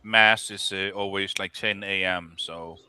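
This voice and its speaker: A man's voice: sits low, steady tone, measured pace, sharp tone, clear, resonant tone, no echo. A man joining a livestream chat, curious and asking plain questions. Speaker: stream guest. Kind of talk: casual chat.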